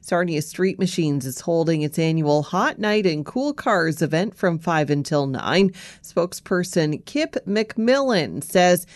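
A woman anchoring a local radio newscast, reading the news and weather in a steady, measured way. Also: on the low side, dry recording.

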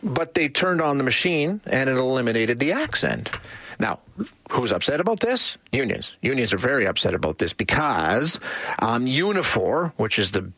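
A man's voice: mid-range voice, big pitch swings, moderate pace, pushed and bright, slightly rough, dry recording. A man hosting a talk radio show, chatting casually with frequent restarts and fillers.

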